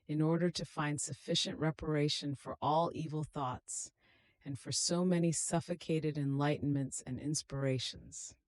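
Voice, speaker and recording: A woman reading a devotional meditation aloud in a slow, solemn, prayerful manner. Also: low voice, darkish tone, no echo. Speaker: devotional reader.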